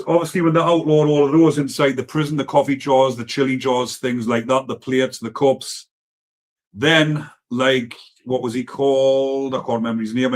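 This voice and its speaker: Blunt, sweary Geordie man streaming live. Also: mid-range voice. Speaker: livestream host reading comments. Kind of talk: casual live-stream chat.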